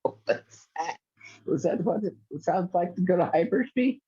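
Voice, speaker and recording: A man's voice: sits high, animated, unhurried, mellow, slightly rough, dry recording. A man co-hosting a podcast in casual chat, cutting in with questions and short additions. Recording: dull, dry lo-fi recording.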